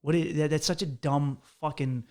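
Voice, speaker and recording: A man's voice: a little high, fairly even intonation, moderate pace, darkish tone. A young man from the United States, hosting a podcast and telling a long travel story in a loose, profane, rambling way with lots of restarts. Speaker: podcast host. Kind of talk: casual storytelling monologue.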